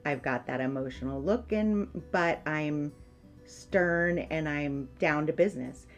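A woman's voice: low-pitched, measured pace, soft background music. A woman co-hosting a podcast in casual chat, earnest, talking in stops and restarts. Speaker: podcast co-host.

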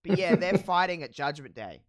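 A podcast host casually recapping a wrestling show, telling it with animated, profane storytelling and frequent laughs. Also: mid-range voice, normal speed, a crowd in the background. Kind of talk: casual chat.

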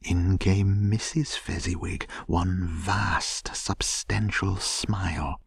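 Slow, deep, husky bedtime narrator. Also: male voice, steady tone, dry recording, clean studio sound. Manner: soft, hushed, half-whispered. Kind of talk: soothing bedtime story narration.

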